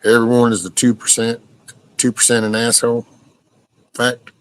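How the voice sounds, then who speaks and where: A man's voice: mid-range voice, completely flat delivery, moderate pace, a bit bright, clear, resonant tone, poor audio. A man in his sixties hosting a casual live stream, chatting bluntly and folksily with plenty of profanity while answering viewer comments.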